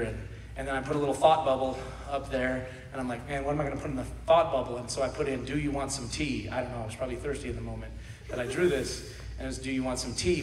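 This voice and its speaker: A man in his thirties preaching a sermon, animated, swinging between shouts and quiet asides, laughing often. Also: mid-range voice, a little hiss or hum. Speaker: pastor. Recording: echoey hall from far off.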